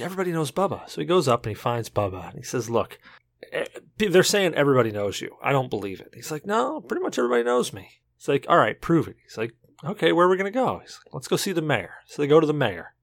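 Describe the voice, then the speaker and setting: Man, mid-pitched, tipsy podcast co-host, rambling joke teller, dry close sound. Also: no echo. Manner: rambling, self-interrupting, tipsy storytelling. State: drunk. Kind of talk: casual chat, telling a joke.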